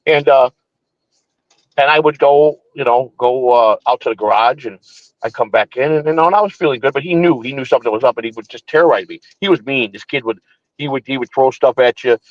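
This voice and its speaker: A man's voice: medium pitch, brisk, no room sound, muffled recording. Profane rambling man telling a story. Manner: profane, rambling, frequent restarts. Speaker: morning show host. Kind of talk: casual storytelling chat. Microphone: streaming setup.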